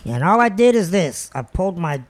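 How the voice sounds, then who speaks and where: A man's voice: high-pitched, big pitch swings, brisk. A man in his fifties, a guest telling crude stories in a casual chat, swearing a lot and laughing at his own tales. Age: 50s.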